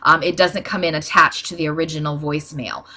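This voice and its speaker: Woman, low-ish pitch, bright tone, plain practical tutorial talk, um fillers. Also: steady tone, brisk. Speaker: small business owner teaching ad posting. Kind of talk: casual screen-share tutorial.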